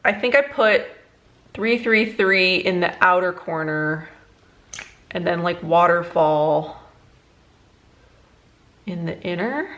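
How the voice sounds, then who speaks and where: A young woman, a beauty vlogger, chatting casually through a makeup tutorial, rambling and halting, emotionally worn out. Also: on the low side, fairly bright tone. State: emotionally exhausted.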